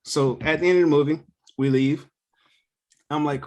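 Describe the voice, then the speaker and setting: Young male co-host, casual chat, animated, profane, laughs often. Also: on the high side, fairly quick. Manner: animated storyteller, swears freely, laughs often. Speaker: podcast co-host.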